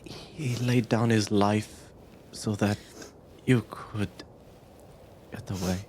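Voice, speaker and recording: A man's voice: on the low side, fairly even intonation, slow, darkish tone, slight background noise, pitched above the performer's own voice. A man voicing a grieving, wounded woman who whispers her guilty apologies in a tabletop game. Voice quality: whispery, breathless. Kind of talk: acted character dialogue in a tabletop game.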